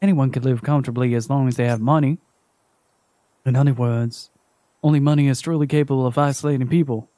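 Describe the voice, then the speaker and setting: A man's voice: mid-range voice, steady tone, mellow, no echo, clean studio sound, lightly acted. A man doing a cold, clipped debt collector. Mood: stern. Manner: clipped, rapid, lecturing.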